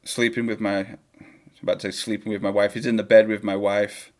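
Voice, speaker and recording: A man's voice: on the low side, flat delivery, a little fast, a little mellow. A young man chatting casually and joking while he reacts live to a football match on a home stream. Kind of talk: live match watchalong chat.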